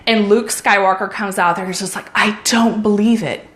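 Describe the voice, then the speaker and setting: A woman's voice: medium pitch, steady tone, normal speed, reverberant. A woman who is a runner and a mom, talking in an upbeat, enthusiastic and encouraging way in a casual motivational vlog.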